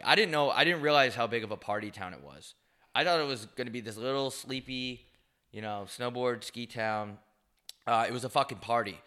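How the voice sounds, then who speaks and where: A young man trades crude jokes and rambling stories with his co-host, his voice bright and forceful. He talks in loose, animated casual chat. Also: medium pitch, a little fast, clear, resonant tone. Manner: crude, joking, animated storytelling. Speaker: podcast co-host.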